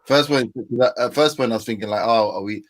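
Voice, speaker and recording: Man, mid-pitch, halting and filler-heavy, dry call audio. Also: dry recording, rough recording. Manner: hesitant, filler-heavy, laughs easily. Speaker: panel guest. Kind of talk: casual group chat. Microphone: video call.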